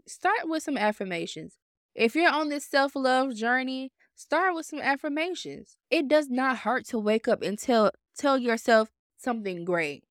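A woman in her twenties hosting a podcast, telling her story in a blunt, profane, animated self-help monologue. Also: high-pitched, unhurried, no room sound, studio quality. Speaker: podcast host.

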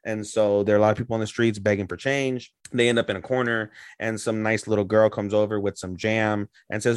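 A man co-hosting an anime podcast in casual chat, animated, with squeaky put-on voices when retelling scenes. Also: brisk, hardly any pauses, smooth, no echo, studio quality. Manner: animated, jumps into high squeaky voices for characters. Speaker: podcast co-host.

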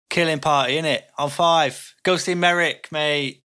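A cheeky, brash male rogue talks in a chummy, slangy way, sounding breezy and unbothered, as a player puts him on. His voice has a bright, forceful edge and sits a little above the player's usual pitch. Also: slow, clean tone.

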